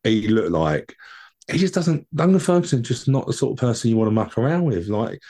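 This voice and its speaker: A man's voice: mid-range voice, big pitch swings, brisk, warm tone. A man co-hosting a casual football podcast from home, chatty and rambling, often repeating his words. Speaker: podcast co-host.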